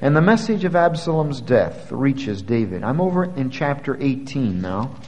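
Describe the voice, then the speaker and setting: A man preaching a sermon. He retells a scripture story with dramatic swings from quiet to loud. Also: medium pitch, big pitch swings, moderate pace, big-room sound, a little hiss or hum.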